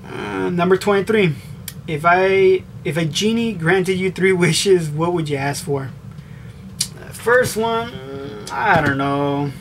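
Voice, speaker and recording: A young man with a somewhat high voice talks casually to his camera, blunt and loaded with swearing. He rambles, circling back with fillers as he goes. A faint hiss of room noise sits under the recording. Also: slow, fairly bright tone. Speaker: vlogger answering tag questions. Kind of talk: casual chat.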